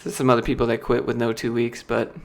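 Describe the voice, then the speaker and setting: A man's voice: medium pitch, level tone, quick pace, creaky. A young American man chatting casually on a livestream, reading questions from chat and telling stories with lots of fillers, laughing often and mimicking other people's voices. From United States. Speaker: YouTuber answering live chat questions.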